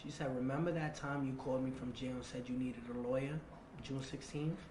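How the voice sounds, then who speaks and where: A man telling a long personal story in an interview. He repeats phrases, acts out remembered dialogue and drops to a low, quiet voice for the tense parts. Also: fairly even intonation, brisk, noisy background. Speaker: interview guest. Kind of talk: casual storytelling. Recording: roomy echo.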